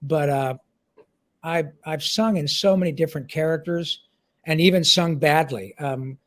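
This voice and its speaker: A man's voice: a little high, a little slow. A man in his sixties, a voice actor answering interview questions and slipping into character voices now and then. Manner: animated, slips into character voices. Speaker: voice actor guest. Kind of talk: interview over video call.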